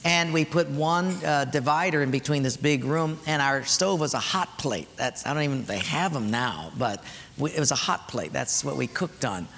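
A man's voice: on the high side, lively intonation, normal speed, gravelly, fairly bright tone. A man preaching a sermon, telling a personal story with emphatic turns. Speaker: pastor. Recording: echoey hall, faint noise.

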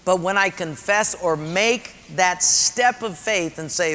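A man's voice: fairly high pitch, moderate pace, few pauses, sharp tone, long reverb tail. A man preaching a sermon to his congregation as pastor, emphatic and repeating his key phrases.

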